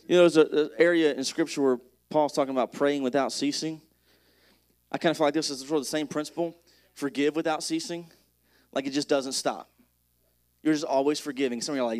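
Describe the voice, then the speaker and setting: A man in the pulpit of a church, preaching in a loose, conversational way and cracking jokes between scripture readings. His voice sits a bit high for a man, and he swings from lifted, ringing reading down to quiet asides. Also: lively intonation, fairly quick. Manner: conversational, joking preaching, reads scripture aloud with rising energy. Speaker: pastor. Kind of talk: sermon.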